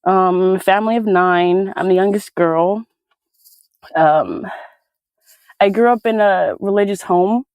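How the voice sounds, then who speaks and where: A woman in her twenties from California, a guest speaker giving an emotional personal testimony, halting and tearful, with many fillers. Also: medium pitch, a little mellow, clear, resonant tone, no echo. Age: 20s. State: crying.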